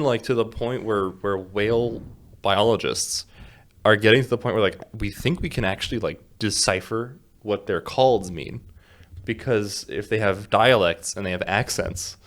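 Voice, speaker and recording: A man's voice: on the low side, fairly bright tone. A man in casual podcast chat, rambling through an explanation with frequent restarts and laughs. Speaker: podcast co-host.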